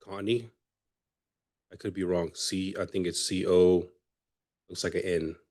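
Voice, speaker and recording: A man's voice: deep voice, level tone, unhurried, darkish tone. A man chairing a council meeting, calling up speakers and hesitating over names. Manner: hesitant, reading names aloud. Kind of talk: chairing public comment. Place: city council chamber.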